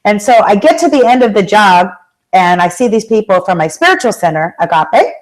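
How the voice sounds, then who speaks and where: A woman giving a motivational talk, telling stories with lively acted-out quotes and direct questions to the audience. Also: mid-range voice, fairly quick, low-quality recording. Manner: animated storytelling, acts out quoted voices. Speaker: motivational speaker and life coach.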